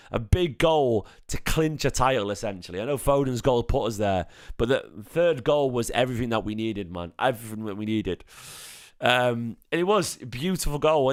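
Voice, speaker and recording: A man hosting a live-stream fan chat, slightly hoarse from singing, excitable and emotional, repeating his phrases. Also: mid-range voice, no echo, studio quality. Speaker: fan channel host.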